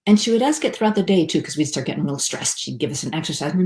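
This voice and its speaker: A woman's voice: sits low, expressive, racing, darkish tone. A woman from the United States, speaking casually to a group about happiness in a chatty, self-deprecating way, with restarts and fillers. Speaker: speaker teaching a class on happiness. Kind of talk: casual talk to a live audience. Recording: echoey room.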